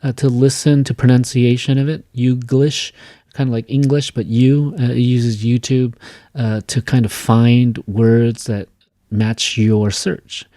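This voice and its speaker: A man teaching a class, explaining an assignment in a casual way, with many fillers and quick "okay?" checks. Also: mid-range voice, level tone, mellow, no echo, studio quality. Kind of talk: recorded class lecture.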